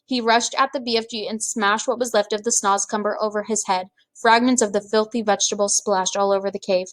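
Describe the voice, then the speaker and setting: A woman reading a children's book aloud, with expressive, measured storytelling. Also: medium pitch. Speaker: reader.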